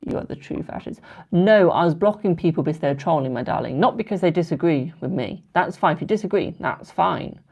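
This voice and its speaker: A man's voice: on the high side, lively intonation, a little fast, creaky, few pauses, a little mellow, husky, muffled recording. A British man doing tarot readings on a live stream, chatting with viewers and calling them "my darling". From United Kingdom. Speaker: tarot card reader.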